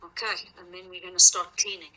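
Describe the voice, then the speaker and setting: A woman's voice: lowish voice, little pitch movement, brisk, pushed and bright, low-quality recording. A woman giving a friendly, matter-of-fact update in casual chat, speaking from off-mic.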